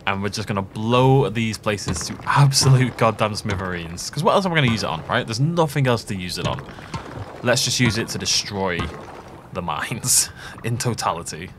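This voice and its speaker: Lively, low-voiced man thinking aloud. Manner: chatty, thinking aloud, laughs often. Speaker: gaming channel host. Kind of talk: let's play commentary.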